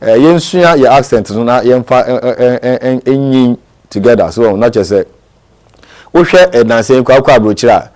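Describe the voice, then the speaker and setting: A man's voice: mid-range voice, animated, fairly quick, darkish tone. A man hosting a TV morning show, talking conversationally.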